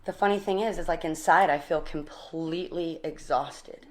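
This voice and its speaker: A woman in her forties, energetic and animated, telling her recovery story in a casual interview, often laughing. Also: low-pitched, normal speed. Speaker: guest.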